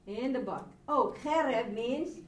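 A woman's voice: a little high, animated, unhurried. A woman teaching a language class, patient and encouraging, sounding out words syllable by syllable. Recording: echoey room from a distance, faint background noise.

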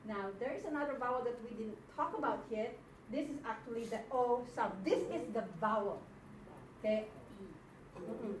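A woman teaching a Hebrew class in a classroom, slow and patient, often checking that her students follow. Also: on the high side. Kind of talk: classroom lecture. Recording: echoey room from far off, faint noise.

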